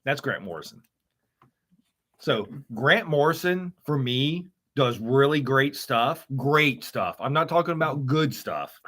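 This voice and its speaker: Man, lively swooping pitch, co-host, casual chat, joking, teasing. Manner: joking, teasing, quick to laugh.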